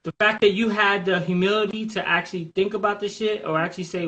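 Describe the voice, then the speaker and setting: A man's voice: high voice, quick pace, few pauses, low-quality recording. Blunt, profane man hosting a podcast. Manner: blunt, profane and animated, drawing listeners in with questions. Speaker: podcast host. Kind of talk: casual live podcast chat.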